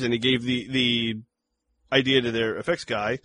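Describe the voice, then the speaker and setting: A man's voice: mid-range voice, unhurried. Male podcast co-host, casual film chat, blunt and profane. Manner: blunt, swears casually, animated asides.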